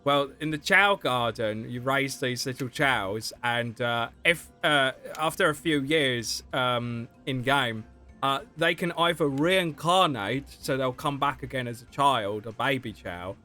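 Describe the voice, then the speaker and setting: A man's voice: mid-range voice, unhurried, sharp tone, faint music behind. A young man chatting casually on a game livestream, chatty and giggly. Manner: chatty and giggly, often laughing mid-sentence. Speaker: streamer.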